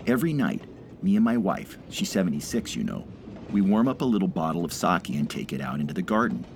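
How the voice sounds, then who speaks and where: A man voicing a cheerful, gentle Japanese man in his seventies who chats with delight. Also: low-pitched, very animated, a little fast, a little hiss or hum. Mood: cheerful chatting.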